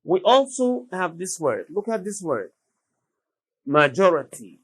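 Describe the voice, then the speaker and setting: A man teaches English vocabulary in a slow, measured classroom style. His voice sits a little high for a man, and he says each word again and again with care. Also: big pitch swings, a little mellow, breathy edge, rough recording. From Sudan. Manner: repeats each word slowly and deliberately.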